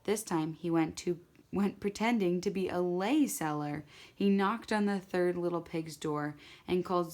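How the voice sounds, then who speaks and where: Woman, storyteller, children's tale read aloud, lowish voice, animated, small slips. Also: unhurried. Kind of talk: storytelling to an audience.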